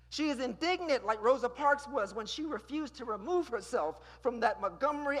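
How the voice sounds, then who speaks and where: A husky-voiced preacher delivers a dramatic sermon, asking the listeners pointed questions. The voice moves from forceful outbursts to near-whispered passages. A long reverb trails every phrase, as in a large hall. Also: medium pitch. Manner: dramatic, with rhetorical questions and sharp swings between loud and hushed.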